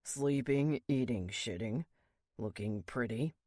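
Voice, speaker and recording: A man voicing a rough, blunt male biker who swears and growls his words, in an audiobook. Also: slow, mellow, no room sound, studio quality. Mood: gruff. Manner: crude, swearing, low growl. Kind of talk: audiobook character reading.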